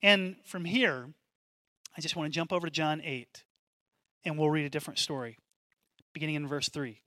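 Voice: mid-range voice, expressive, moderate pace, pauses often, pushed and bright, dry recording, clean studio sound. A pastor preaching a sermon in an emphatic, conversational way, often turning to the congregation with questions.

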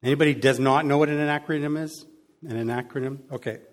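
A man preaching a sermon in a conversational way, adding lively sound effects to his examples. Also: medium pitch, brisk. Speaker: pastor. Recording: long hall reverb.

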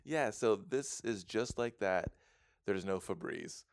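Low-voiced man joking on a podcast. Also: animated, takes it slowly, creaky, no echo, clean studio sound. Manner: jokey, rambling, laughs often. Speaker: podcast co-host. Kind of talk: casual movie podcast banter.

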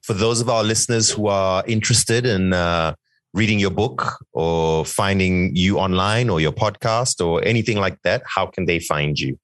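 A man's voice: deep voice, moderate pace, fairly bright tone, dry recording, studio quality. A man co-hosting a podcast, wrapping up the episode with a jokey sign-off. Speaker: podcast co-host. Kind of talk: casual podcast outro.

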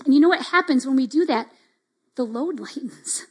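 High-voiced woman giving a chatty devotional talk. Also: expressive, moderate pace. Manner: conversational, fillers like "like" and "right?"; acts out quoted reactions. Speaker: church speaker.

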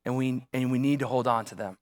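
A man's voice: mid-range voice, steady tone, fast. A man preaching as a pastor, telling a personal story in a conversational way and asking the congregation rhetorical questions. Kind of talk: sermon.

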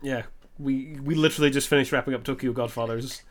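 A man hosting a podcast in casual chat, quick and self-mocking, with hesitant fillers. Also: mid-range voice, steady tone. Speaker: podcast host.

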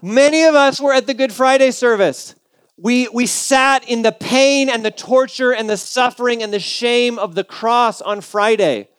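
High-voiced man preaching with easy humor. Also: normal speed, a bit bright, clear, resonant tone, no room sound. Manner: conversational, humorous storytelling. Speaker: pastor. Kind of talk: sermon.

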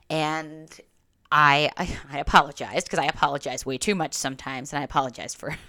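A woman's voice: low voice, fairly quick, sharp tone, no echo, studio quality. A woman hosting a podcast, telling a candid personal story in a confessional way, swearing casually and often restarting her sentences. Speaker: podcast host.

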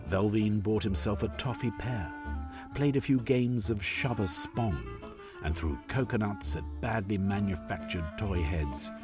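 A man reading a story aloud as narrator in a measured, expressive way. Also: lowish voice, over music.

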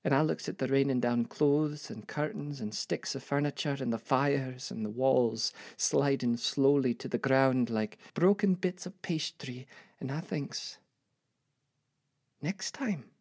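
A woman's voice: a bass voice, unhurried, darkish tone, dry recording, clean studio sound. An older woman telling her life story as a reflective dramatic monologue with wry asides. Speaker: narrator.

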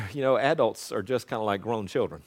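A male pastor preaching a sermon in an earnest, conversational way that swells into loud proclamation. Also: lowish voice, brisk.

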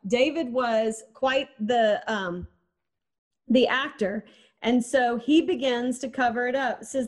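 A woman delivering a sermon in an easy, conversational way. Her voice sits a little high, and she keeps wondering aloud and posing questions to her listeners. Now and then she acts out the people in her story. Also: steady tone, moderate pace. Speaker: preacher.

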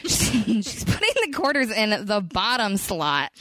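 A young woman from Western New York co-hosting a podcast, telling stories casually and quickly, acting out quotes and swearing freely. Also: on the high side, very animated, a bit bright. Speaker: podcast co-host. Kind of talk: casual storytelling chat.

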